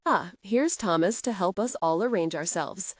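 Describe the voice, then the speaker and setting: A woman's voice: mid-range voice, expressive, moderate pace, no room sound, clean studio sound. A woman narrating a romance audiobook, reading every character in one voice.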